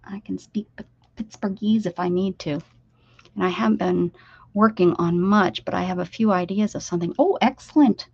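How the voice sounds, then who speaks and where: A woman's voice: mid-range voice, normal speed, creaky, husky, no echo. Pa woman doodling on stream, talks to chat, kinda dull lo-fi dry sound. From Pennsylvania, USA. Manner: chatty, talks straight to viewers, drifts into whispers. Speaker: art livestream host. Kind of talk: casual livestream chat while drawing. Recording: slightly dull lo-fi stream audio.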